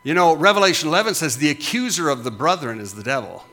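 A man's voice: fairly high pitch, animated, quick pace, pushed and bright. A middle-aged man preaching as a pastor, with emphatic, punchy repetitions that rise and fall. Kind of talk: sermon.

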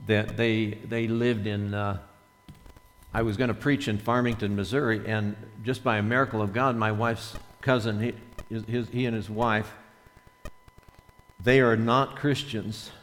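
A man's voice: fairly low pitch, a bit bright. A man preaching a sermon in church, conversational and repeating words as he acts out quoted voices. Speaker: pastor. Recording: long hall reverb.

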